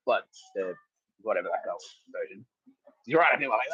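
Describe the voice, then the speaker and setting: A man's voice: fairly low pitch, animated, fairly quick, breathy edge, dry recording. Male podcast host, laughs and swears through a rambling story, dry and slightly dull close recording. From Australia. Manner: rambling, laughing, swearing, acting out quotes loudly. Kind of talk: casual comedic storytelling.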